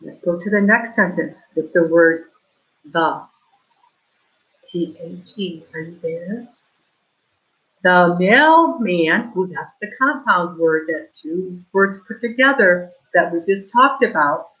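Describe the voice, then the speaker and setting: Woman teaching kindergarten reading online, slow and sing-song, lots of "ready? begin", muffled lo-fi sound. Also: on the low side. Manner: slow, exaggerated reading aloud with prompting questions. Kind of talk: remote reading lesson for young children. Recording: dull lo-fi online class audio.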